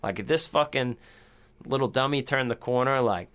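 A man co-hosting a casual movie review chat, animated and swearing freely, often acting out lines in silly voices. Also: medium pitch, normal speed. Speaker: podcast co-host.

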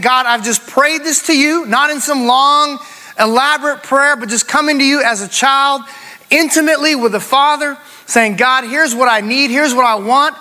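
A man's voice: very high-pitched, pushed and bright. A middle-aged man preaching a sermon, driving points home with emphatic repetition and calling for responses from the congregation. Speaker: pastor.

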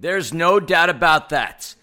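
A man co-hosting a sports podcast, hoarse and playful, riffing dramatically. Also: a little high, lively intonation, slow, pushed and bright. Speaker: podcast co-host. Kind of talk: casual sports podcast chat.

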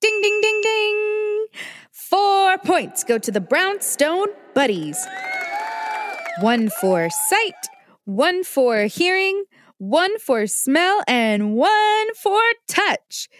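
A woman's voice: high-pitched, sing-song, very slow, a faint crowd, full character voice. A woman voicing a patient, caring mother who teaches her child kitchen safety. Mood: warm. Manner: patient and instructive. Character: gentle, safety-minded mother.

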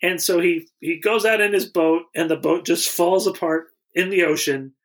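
A man co-hosting a podcast, recapping a movie plot in casual chat with a wry, deadpan humor. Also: high-pitched, normal speed. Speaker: podcast co-host.

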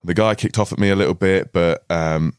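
A man's voice: low-pitched, steady tone, a little fast, smooth, no echo, clean studio sound. A man, a carp angler guest on a podcast, telling a rambling story with frequent laughs and restarts. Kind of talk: casual storytelling chat. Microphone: studio podcast mic.

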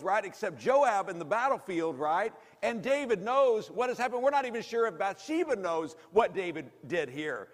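A man preaching a sermon, telling a story dramatically, rising to loud intensity and dropping to hushed, slow lows. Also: big-room sound.

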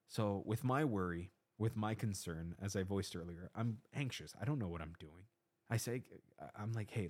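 A man's voice: fairly low pitch, a little mellow. A young man hosting a faith podcast, earnestly recounting a personal testimony with retold dialogue. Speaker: podcast host.

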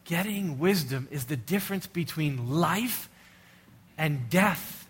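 A man's voice: a little high, lively intonation, slow, husky. A middle-aged male pastor preaching a sermon in an earnest, urgent way, full of rhetorical questions.

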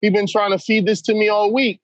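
A man's voice: high-pitched, flat delivery, fairly quick, no room sound, muffled recording. A man talking as a podcast guest, blunt and emphatic, who keeps saying "man" as he talks. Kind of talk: candid conversation.

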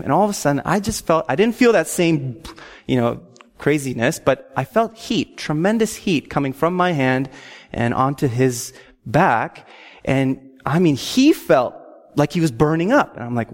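A man telling a personal faith testimony in an animated, excitable way, with frequent "okay?" asides. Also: a little high, normal speed, in a large hall. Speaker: speaker sharing a faith testimony.

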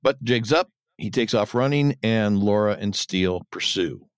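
A man's voice: fairly low pitch, normal speed, clean tone, no echo. Male podcast co-host, casual recap voice, dry close-mic sound. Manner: retells scenes, mimics characters in a raised voice. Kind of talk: casual episode recap chat.

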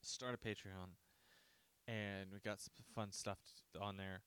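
A man's voice: on the low side, flat delivery, measured pace, fairly bright tone, smooth. A man hosting a podcast on his own, rambling casually, joking and swearing. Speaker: podcast host. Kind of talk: casual solo podcast chat.

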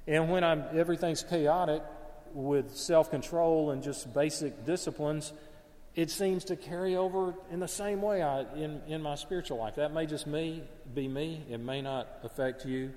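A man's voice: fairly high pitch, moderate pace, darkish tone, in a large hall. A man preaching a sermon in an earnest, conversational way, sometimes stopping to correct himself. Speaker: pastor.

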